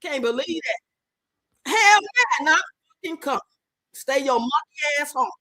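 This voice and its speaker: A woman hosting a casual livestream in African American Vernacular English, loud and animated, cursing freely. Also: high-pitched, takes it slowly, no room sound, low-quality recording. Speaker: livestream host.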